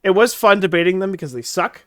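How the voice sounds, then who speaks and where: A man co-hosting a casual podcast, his voice sitting a touch high. He jokes constantly, laughs, and acts out other people's lines. The sound is close and dry. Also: animated, fast talker, a bit bright, dry recording. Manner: joking, laughs often, acts out quotes. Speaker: podcast co-host. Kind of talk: casual political chat.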